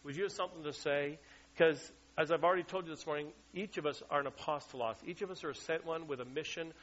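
A man's voice: a little high, fast, fairly bright tone. A man preaching a sermon as pastor, emphatic and asking the congregation questions. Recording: dull lo-fi sound.

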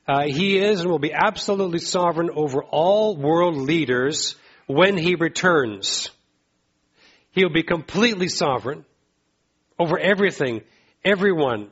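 Male pastor mid-sermon; emphatic, repetitive delivery; husky, muffled recording. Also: fairly bright tone. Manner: emphatic, repeats phrases, rises in pitch to exhort.

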